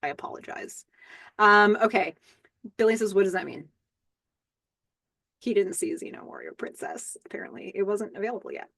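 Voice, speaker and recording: Woman, podcast host, casual recap, animated and giggly, dry close sound. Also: medium pitch, normal speed, creaky, pauses often, dry recording. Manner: animated, giggly, reads dialogue aloud with playful voices.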